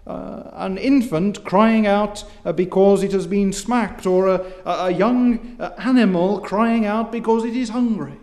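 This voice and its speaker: A man preaching an expository sermon in a measured, formal way, reading scripture and rising in force when impassioned. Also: high voice, expressive, a little mellow.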